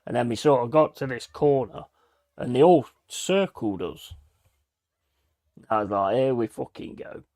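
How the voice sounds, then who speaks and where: A man's voice: medium pitch, lively intonation, a little slow, pauses often, darkish tone. A man hosting a live stream, telling holiday stories in casual chat, swearing freely and acting out what others said. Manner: swears freely, acts out quoted voices. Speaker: host.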